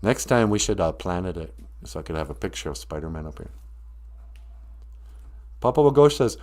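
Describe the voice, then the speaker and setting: A man hosting a casual live stream, spinning a tale playfully. His pitch rises and falls a lot as he narrates. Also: sing-song, fairly quick, pauses often, a little mellow. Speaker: storyteller and stream host.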